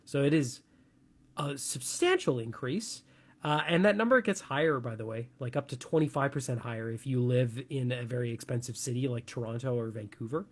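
A young man co-hosting a casual talk segment. he talks in a chatty, animated way, full of little fillers and restarts. his pitch sits in the middle range. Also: brisk. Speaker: radio show co-host.

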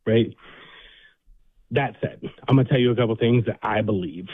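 A man calling in to a sports show, chatting casually as an excited fan. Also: medium pitch, moderate pace, no room sound. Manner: laid-back, emotional fan banter. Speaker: caller. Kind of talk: casual call-in chat. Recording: dry tinny phone line.

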